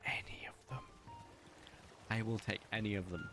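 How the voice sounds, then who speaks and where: A man's voice: lowish voice, steady tone, moderate pace, whispered, over music. A young man streaming a game from a room at home, chatting and joking at his own expense while he plays. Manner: chatty, self-mocking, talks to chat while playing. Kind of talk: casual live-stream commentary. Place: home room with window open.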